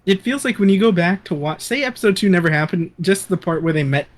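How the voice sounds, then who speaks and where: A man's voice: sits high, expressive, quick pace. A man talking as a podcast guest, chatting casually with wry questions and jokes. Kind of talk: casual recap chat.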